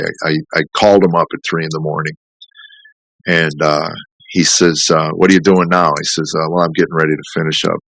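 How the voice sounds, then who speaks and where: A man's voice: extremely low pitch, gravelly, fairly bright tone, no room sound, low-quality recording. A middle-aged man, a comedian, telling a candid, rambling personal story in a podcast interview, full of restarts and fillers. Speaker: comedian guest.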